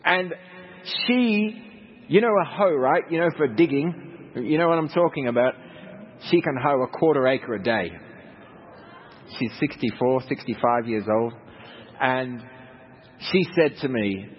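A man's voice: mid-range voice, lively intonation, measured pace, long pauses, breathy edge. Australian man telling stories in a hall. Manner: conversational, anecdotal with humorous asides. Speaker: missionary speaker. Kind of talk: storytelling talk to a congregation. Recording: dull lo-fi recording with hall reverb, faint noise.

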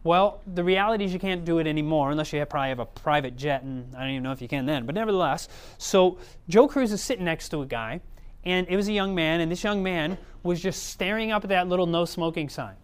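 A man's voice: on the high side, quick pace, clear, resonant tone. A man preaching a sermon in a conversational way, often checking in with the audience.

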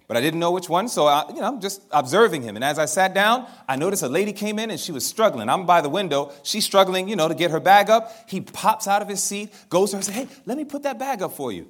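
Animated male preacher telling stories. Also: sits high, quick pace. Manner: animated storytelling, acting out dialogue. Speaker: minister. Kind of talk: sermon.

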